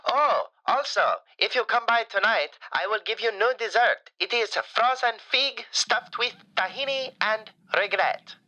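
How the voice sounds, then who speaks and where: An actor playing a doting, flamboyant falafel shop owner calling into a radio show, talking in broken grammar with playful deadpan jokes. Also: male voice, high-pitched, unhurried, few pauses, lo-fi sound, exaggerated voice. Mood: effusive. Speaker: caller.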